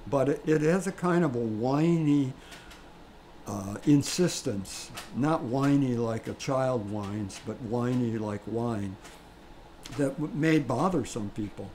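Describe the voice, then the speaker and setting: A man co-hosts a relaxed coffee tasting, speaking very slowly in a mellow, dark tone. He picks his words haltingly and carefully, with a faint hum of room ambience behind him. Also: mid-range voice, rough recording. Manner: slow, halting, measured. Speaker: co-host. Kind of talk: casual tasting chat.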